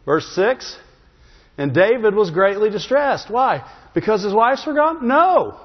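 A man's voice: sits high, big pitch swings, unhurried. A man preaching a sermon in a church, telling a Bible story with humor and checking in with the congregation by asking "Amen?" again and again. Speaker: pastor. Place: church sanctuary. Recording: long hall reverb, dull sound.

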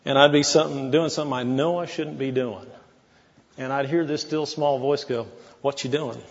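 A man's voice: mid-range voice, fairly even intonation, normal speed, long reverb tail, highs cut off, slight background noise. A man preaching a sermon as pastor, in a folksy, conversational way with asides to the congregation.

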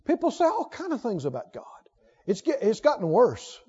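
A man preaching a sermon in a church, fervent and emphatic, swinging from loud to hushed. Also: very high-pitched, wildly swooping pitch, normal speed, husky. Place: church sanctuary. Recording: lo-fi recording with long hall reverb.

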